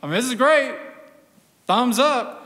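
A man's voice: animated, a little slow, bright, forceful tone, in a large hall, exaggerated voice. A man preaching, voicing a worried father who urges the teacher to hurry because his daughter is dying. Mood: urgent. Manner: urgent, pleading, higher-pitched. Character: anxious father, a synagogue ruler, hurrying.

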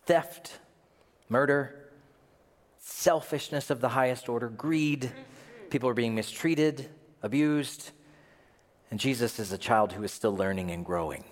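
Man, pastor, sermon, lively pitch, hushed to loud, long hall echo. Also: a little slow, long pauses. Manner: animated, swings from hushed to near-shouting. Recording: long reverb of a large hall.

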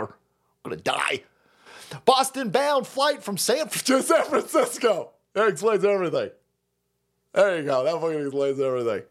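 A man's voice: on the high side, very animated, moderate pace, fairly bright tone. A man ranting on a livestream, sarcastic and mocking, swearing constantly. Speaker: streamer. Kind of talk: livestream rant.

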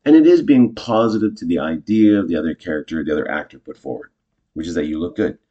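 A man casually teaching improv, chatty and self-correcting, jumping into animated example lines. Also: deep voice, fast, husky, highs cut off.

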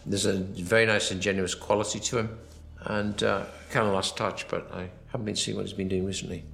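A man's voice: sits low, little pitch movement, fairly quick, creaky, a bit bright, roomy sound. A man giving a film commentary, rambling and anecdotal, acting out quoted dialogue as he goes. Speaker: film director.

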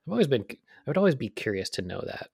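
A man's voice: medium pitch, sing-song, racing, creaky, a little mellow, slightly rough, dry recording, clean studio sound. A man co-hosting a casual podcast chat, rambling with lots of "like" and fillers. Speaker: podcast co-host.

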